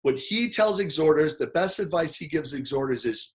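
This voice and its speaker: A man giving an animated teaching talk, acting out quoted people in loud, excited bursts. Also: a little high, normal speed, few pauses. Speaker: personality model speaker.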